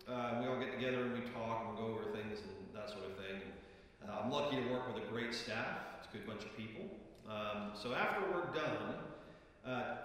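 A man as a pastor, reading scripture and then preaching in a relaxed, conversational way with frequent fillers and emphatic repetition. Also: medium pitch. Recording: echoey hall, voice picked up from a distance.

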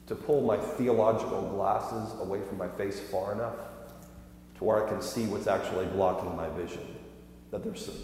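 A man pastor delivers a sermon in a relaxed, conversational manner, with easy self-deprecating asides. His mid-pitched voice rings through a church sanctuary with heavy echo and a long reverb tail.

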